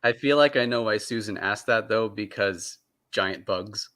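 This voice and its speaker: A man's voice: lowish voice, unhurried, a bit bright. A man who writes novels, talking eagerly as a guest, chuckling and restarting his words. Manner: enthusiastic, chuckling, repeats words as he starts. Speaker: author guest. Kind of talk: casual video call interview.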